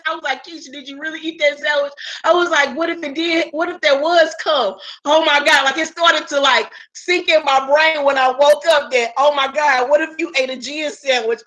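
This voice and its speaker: A woman's voice: sits high, pushed and bright, poor audio. A woman vlogger telling a casual storytime, slangy and profane, often laughing as she talks and quoting her own thoughts. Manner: quotes herself in her inner voice.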